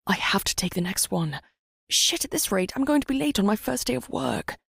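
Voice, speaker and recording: A woman's voice: fairly low pitch, expressive, normal speed, creaky, husky, dry recording, studio quality, exaggerated voice. A woman voicing a desperate, anxious young man with strained, frantic cries in an audiobook.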